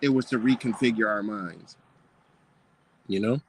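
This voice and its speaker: A man's voice: on the low side, measured pace, slight background noise. Scornful, profane man ranting. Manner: scornful, profane, mocking, rhetorical questions. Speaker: commentator reacting to a book.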